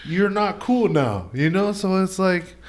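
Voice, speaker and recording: A man's voice: high voice, very animated, unhurried. Young man chatting loosely on a podcast. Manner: loose slangy talk, many fillers and restarts. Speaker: podcast guest. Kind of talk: casual chat.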